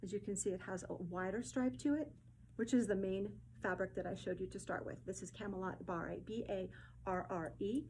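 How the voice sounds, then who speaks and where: A woman hosting a casual showcase of fabrics, effusive and gushing, often repeating her words and filling pauses with ums. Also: mid-range voice, darkish tone, slight background noise, low-quality recording. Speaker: host presenting fabric collection.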